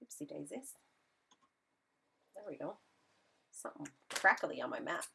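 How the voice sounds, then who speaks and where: A woman's voice: sits low, expressive, normal speed, gravelly, sharp tone, a little hiss or hum. Chatty woman teaching a live craft class. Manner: chatty, self-deprecating, talks to viewers while working. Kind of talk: live online craft demonstration.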